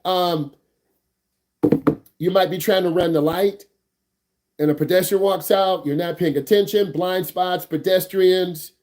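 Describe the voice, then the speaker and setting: A man's voice: sits high, fairly even intonation, measured pace, pauses often, a little mellow. A man teaching an online driving class, hyped and slangy, repeating his questions and joking with students. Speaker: driving instructor.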